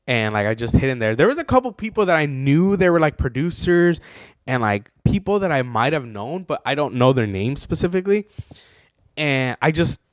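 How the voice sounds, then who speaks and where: Excitable young man rambling into a mic. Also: mid-range voice, no room sound. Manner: excitable, rambling, many fillers. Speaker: podcast host. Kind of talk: casual storytelling.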